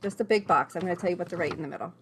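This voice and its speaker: A woman's voice: fairly low pitch, racing, a bit bright, slight background noise. Woman, earnest group coach, emotional, encouraging, video call. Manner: emotional, earnest, encouraging, addresses people by name. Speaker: coach leading an online women's group class. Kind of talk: live online workshop.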